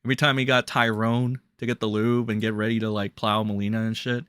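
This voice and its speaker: A man's voice: fairly low pitch, flat delivery, fast, clear, resonant tone, no room sound, clean studio sound. A young man ranting bluntly and crudely as a drama commentary streamer on a livestream. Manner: blunt, crude, ranting with sudden loud jumps.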